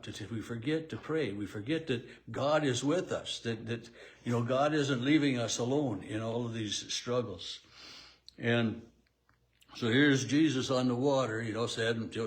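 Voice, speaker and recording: A male pastor giving a daily devotional Bible talk in a conversational way, with frequent fillers and restarts. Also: mid-range voice.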